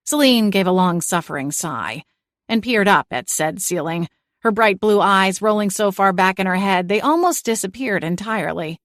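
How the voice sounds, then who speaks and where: A woman reading a cozy audiobook in first person with wry, lively storytelling. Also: medium pitch, moderate pace, no room sound, clean studio sound. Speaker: audiobook narrator.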